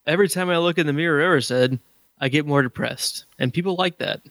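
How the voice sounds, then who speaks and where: Higher-voiced guy on a podcast, dry jokey delivery, dry mic. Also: fairly quick, fairly bright tone, no room sound. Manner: dry, joking. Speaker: podcast co-host. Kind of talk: casual podcast chat.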